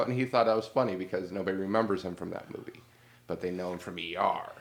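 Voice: low-pitched, flat delivery, fast talker, vocal fry. A speaker in casual chat who mostly chimes in with short reactions.

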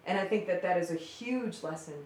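A woman stage magician chatting casually as a podcast guest, telling stories with lively acted-out voices. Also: on the low side, fairly quick. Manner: animated storyteller who acts out quoted voices. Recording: roomy with faint background noise.

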